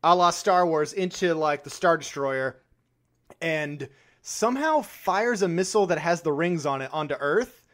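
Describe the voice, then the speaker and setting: A man's voice: on the high side, expressive, moderate pace, a bit bright. A man co-hosting a podcast, chatting casually about a film, laughing often and swearing freely. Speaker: podcast co-host. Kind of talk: casual chat.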